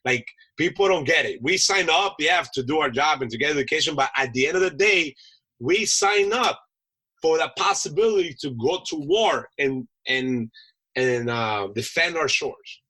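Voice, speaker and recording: Male podcast guest, husky and forceful, casual animated storyteller. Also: fairly high pitch, normal speed, low-quality recording. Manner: animated storyteller, peppers talk with "man" and "you know". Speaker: podcast guest, chef and Marine veteran. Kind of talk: casual anecdote-telling in an interview.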